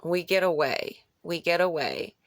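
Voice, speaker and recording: A woman's voice: lowish voice, expressive, measured pace, no echo. A woman recounting a dream in an unscripted way, rambling and repeating phrases for emphasis. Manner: rambling, with restarts and searching for words. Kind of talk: unscripted personal retelling of a dream.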